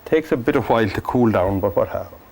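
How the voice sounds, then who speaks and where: A man from Cork with an Irish accent, teaching a painting lesson in a gentle, joking, soft-spoken way. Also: lowish voice, animated, fast, gravelly. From Ireland. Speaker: painting instructor. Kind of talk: painting lesson with chatty asides.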